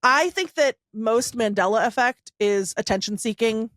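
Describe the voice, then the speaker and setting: A woman's voice: fairly high pitch, noisy background. A woman co-hosting a podcast in casual chat, chiming in often and telling stories with animation. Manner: quick agreeing interjections, animated. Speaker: podcast co-host.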